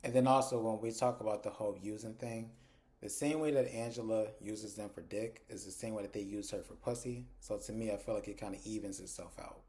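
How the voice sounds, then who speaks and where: Mellow-voiced man recapping a TV episode. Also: fairly low pitch, fairly quick. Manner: animated retelling, slips into characters' lines, profane. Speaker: TV episode reviewer. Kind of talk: casual recap chat.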